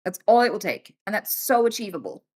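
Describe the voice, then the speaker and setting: A woman in her thirties talks straight to her stream viewers in a loose, chatty way. She swears freely and keeps her voice lively, even slipping into other people's voices to act out what they said. Her pitch sits in the middle of the range. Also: fairly quick. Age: 30s. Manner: animated and swearing, acts out quoted voices. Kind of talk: casual live-stream chat.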